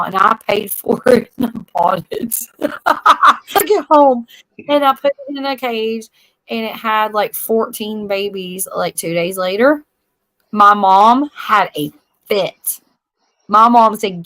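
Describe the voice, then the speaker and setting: A woman in her forties with a drawl hosts a casual live stream, telling rambling stories and laughing often. Her voice is bright and forward, and it sits close and dry with no room around it. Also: mid-range voice, normal speed, no echo, low-quality recording. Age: 40s. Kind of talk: casual chat.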